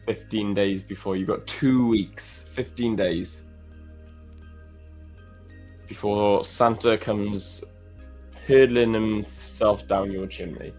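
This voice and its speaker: Low-voiced rambling man co-hosting. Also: steady tone, takes it slowly, pauses often, darkish tone, soft background music. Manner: rambling, laughs often, restarts. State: a little under the weather. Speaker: co-host. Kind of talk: casual live-stream banter.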